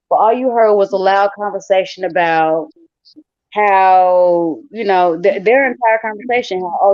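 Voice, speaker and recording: A woman telling a personal story on a podcast, frank and measured, with fillers. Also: mid-range voice, no echo, dull audio. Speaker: podcast co-host.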